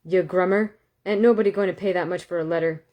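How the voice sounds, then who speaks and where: A woman voicing a rough-spoken male wagon carter who haggles bluntly and grudgingly, read aloud from a storybook. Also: on the low side, fairly even intonation, quick pace, muffled recording, lightly acted. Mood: grudging haggling. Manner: gruff, grudging, slangy.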